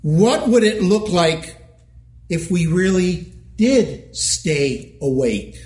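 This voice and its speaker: A male pastor preaching a sermon in a church, measured and emphatic, asking rhetorical questions. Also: high voice, big pitch swings, a little mellow, roomy sound.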